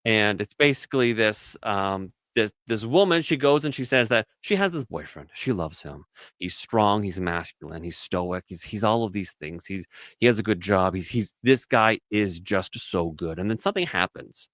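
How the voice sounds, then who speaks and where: A man co-hosting a casual podcast, rambling with many restarts and mocking others in shrill put-on voices. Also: moderate pace, a bit bright, dry recording. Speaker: podcast co-host. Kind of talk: casual chat.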